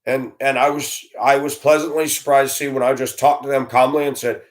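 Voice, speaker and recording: A man in his fifties, a school bus driver, delivering a blunt, animated rant with swearing and grumbling. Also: mid-range voice, fairly quick. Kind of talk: ranting monologue.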